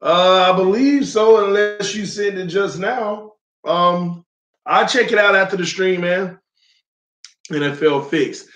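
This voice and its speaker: Slightly hoarse male stream host. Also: high-pitched, takes it slowly, echoey room. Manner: greets viewers by name, slangy and loose; gets loud and heated when arguing a point. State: slightly hoarse, losing his voice. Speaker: host of a live fan stream. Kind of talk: casual live-stream chat.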